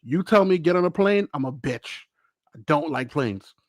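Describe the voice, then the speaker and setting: Animated storytelling man from Brooklyn. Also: on the high side, moderate pace, dry recording. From Brooklyn, New York. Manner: animated storyteller who acts out quotes loudly. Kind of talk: casual chat, animated storytelling.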